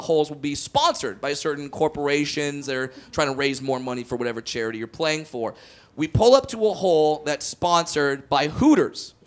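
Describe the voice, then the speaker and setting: A man doing stand-up comedy, telling a long story in an animated way, acting out quotes and tripping over restarts. The recording is noisy. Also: on the high side.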